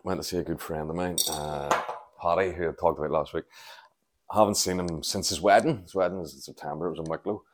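A Northern Irish man with a deep voice hosts a casual solo podcast from home, rattling off sweary, jokey, rambling stories while doing household chores. He talks fast with fairly even intonation, and there's slight background noise.

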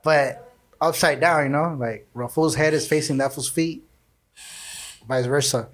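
Young guy podcast host, kinda high voice, swears constantly, cracking up telling drunk party stories. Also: steady tone, measured pace, fairly bright tone. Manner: profane, laughing storyteller, heavy slang. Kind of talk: casual storytelling chat.

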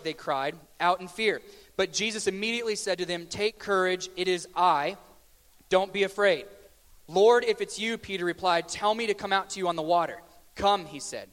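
A man delivers a sermon in a relaxed, conversational way, cracking jokes and slowing down to press his questions. His voice sits high for a man. The sound carries the long reverb of a church hall. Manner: conversational and joking, with slow emphatic questions. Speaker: preacher.

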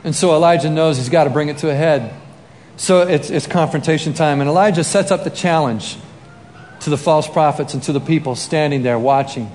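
Male preacher, high voice, animated storytelling, long hall reverb, faint room ambience. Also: brisk, a little hiss or hum. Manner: animated, acts out scenes with shouts and sound effects. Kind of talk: sermon storytelling.

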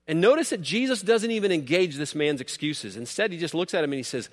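A man preaching a sermon, earnest and emphatic, rising to loud peaks and then dropping low. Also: animated, a little fast, few pauses. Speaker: pastor. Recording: long hall reverb.

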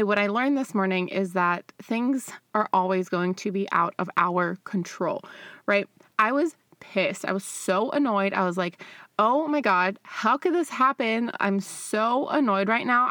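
A woman's voice: medium pitch, fairly bright tone, dry recording, studio quality. Chatty young woman podcaster. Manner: chatty, candid, frequent laughs and fillers. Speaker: podcast host. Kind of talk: casual solo podcast monologue.

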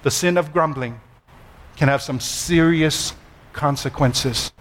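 A man pastor, preaching a sermon with animated storytelling, self-deprecating humor and slow emphatic repetition. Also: on the high side, slight background noise.

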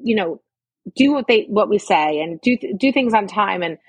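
Woman, husky voice, blunt and salty, dry close sound. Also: mid-range voice, expressive, moderate pace, no room sound. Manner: frank, swears freely, many fillers. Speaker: podcast co-host. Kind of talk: casual chat.

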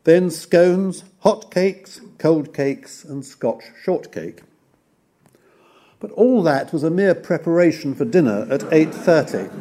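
Wry male history lecturer, slightly high. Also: dark tone. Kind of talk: formal public lecture.

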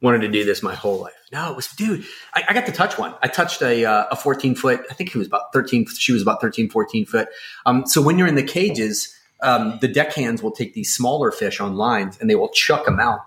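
A man co-hosting a podcast, telling a story in a casual, excitable, rambling way with lots of fillers. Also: medium pitch. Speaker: podcast co-host.

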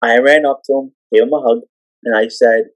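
A man on a podcast telling memories in a lively way, acting out the people he quotes. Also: medium pitch, no echo, rough recording. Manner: animated, acts out the people he quotes; rapid run-on retelling of wrestling memories. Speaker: podcast guest and storyteller. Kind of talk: casual podcast storytelling.

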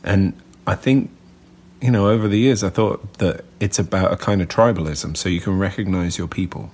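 A man with a very low, husky voice co-hosts a casual podcast chat. He talks eagerly, musing aloud. His tone is relaxed and conversational. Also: normal speed. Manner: enthusiastic and musing. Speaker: podcast co-host.

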